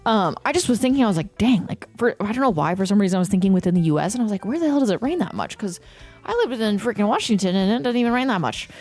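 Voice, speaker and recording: A woman's voice: mid-range voice, lively intonation, racing, a little mellow, soft background music. A young American woman streaming from home into a desk microphone, chatting casually with viewers, joking, teasing and swearing freely.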